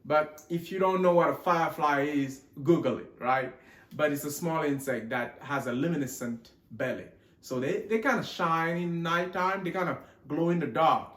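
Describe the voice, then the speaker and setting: A man's voice: a little high, a bit bright, slight background noise. A man hosting a gun collection vlog in a rambling, joking way, putting on a mixed Texan and Australian accent. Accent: put-on mixed Texan and Australian. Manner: rambling, joking, loses count. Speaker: gun channel host. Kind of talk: casual show-and-tell vlog. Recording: echoey room.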